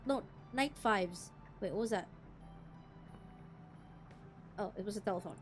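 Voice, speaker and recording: A young woman from the Philippines streaming a game, chatting casually in a deliberately cute, girlish voice. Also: medium pitch, faint music behind. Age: young adult. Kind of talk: casual gameplay chat.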